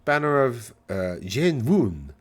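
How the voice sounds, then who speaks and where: A man's voice: medium pitch, very animated, slow. A man hosting a casual commentary, rambling, correcting himself and brushing things off with wry remarks. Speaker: channel host reviewing game rules.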